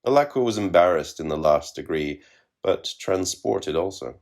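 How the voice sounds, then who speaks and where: Man with a low deep voice, reading a story, measured and wry. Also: lively intonation, darkish tone. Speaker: narrator. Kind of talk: scripted narration of literary fiction.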